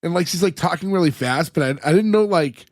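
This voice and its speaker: Rambling man with a higher voice. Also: quick pace, no echo, clean studio sound. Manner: rambling, many filler words, retells scenes. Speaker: podcast co-host. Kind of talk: casual chat recapping an episode.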